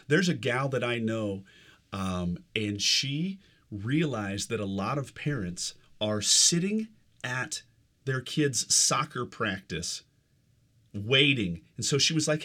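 A man's voice: mid-range voice, lively intonation, slow, sharp tone. A man hosting a casual podcast, enthusiastic and affirming, stretching out his phrases. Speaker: podcast host.

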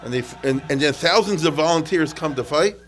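Brief: male lecturer in a classroom, lively and chatty, acts out quotes, restarts often. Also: fairly high pitch, a little fast, soft background music, poor audio. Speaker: history lecturer. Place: lecture room with students.

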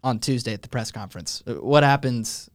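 A young man hosts a casual sports talk show, thinking out loud with frequent ums. His voice is smooth and clear at a middle pitch. The sound is dry and close, with no room around it. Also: no room sound. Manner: thoughtful, fills pauses with "um". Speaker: host.

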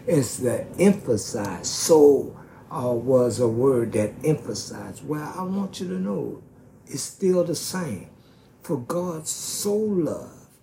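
A man preaching a sermon slowly and emphatically, stretching out key words. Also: medium pitch, lively intonation, gravelly, mellow, a little hiss or hum.

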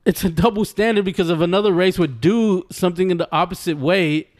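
Brief male podcast co-host, higher-pitched, laughing, argumentative. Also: fairly quick. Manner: laughs often, argues a point, repeats himself. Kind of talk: casual podcast banter.

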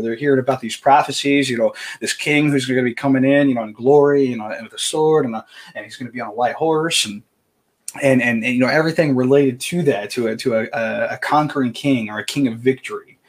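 A man with a husky, slightly breathy voice talks through scripture on a podcast. He speaks in a loose, conversational way, stopping and restarting his sentences often. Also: medium pitch. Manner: halting, many restarts and fillers. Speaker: podcast co-host. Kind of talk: casual faith discussion.

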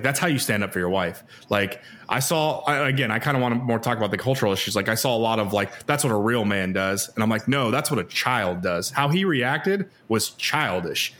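A man of middle pitch hosting a casual podcast. He talks in an animated, opinionated way and often fills his sentences with "like". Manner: animated, opinionated, many "like" fillers. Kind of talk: casual discussion.

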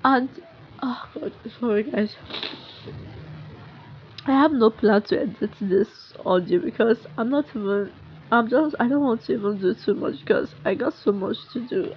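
A young woman with a Nigerian accent, speaking in a frustrated, halting monologue full of restarts and sighs. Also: fairly high pitch, lo-fi sound, slight background noise. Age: young adult. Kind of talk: emotional unscripted monologue.

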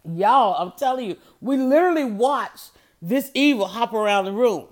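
A woman hosting a motivational podcast, telling stories with lively energy and repeating her key phrases to press a point. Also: a little high, normal speed. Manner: lively storytelling, addresses listeners as y'all and honey. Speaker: podcast host.

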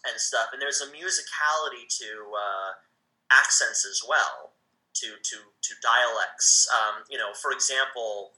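A man with a very bright, ringing voice talks casually as a guest. He speaks in a halting way, full of restarts and fillers. His pitch sits mid-range. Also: rough recording. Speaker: voice actor guest. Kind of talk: casual interview chat.

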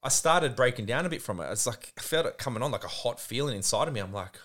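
A man's voice: medium pitch, animated, fast talker, fairly bright tone. A young man co-hosting a podcast, telling an emotional personal story in casual chat, earnest and full of fillers. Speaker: podcast co-host.

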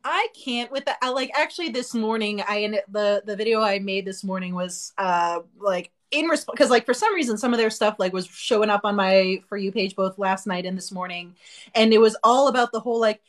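A woman's voice: mid-range voice, fairly quick. Blunt, candid woman co-hosting a podcast. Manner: candid, blunt, with many fillers and restarts. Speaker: podcast co-host. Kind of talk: casual podcast chat.

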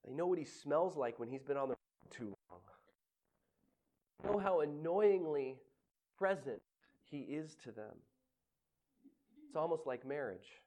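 A male pastor giving a sermon in an animated, conversational way, laughing often. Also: on the high side, a little slow, pauses often.

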